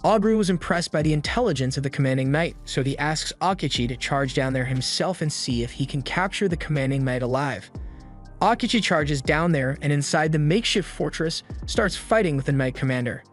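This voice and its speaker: A man's voice: a little high, fairly quick. Man narrating an anime recap over music. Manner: steady, matter-of-fact storytelling. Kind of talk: scripted narration.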